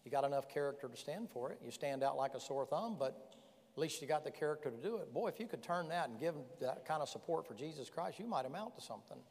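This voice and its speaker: In a large hall with long reverb, a folksy pastor delivers an animated sermon full of rhetorical questions. His voice is on the high side and his pace is quick.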